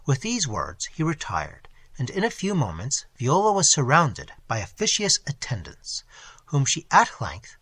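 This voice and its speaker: A man narrating a classic novel as an audiobook, in an expressive, dramatic reading on a close mic. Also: mid-range voice, a little slow, breathy edge, no room sound.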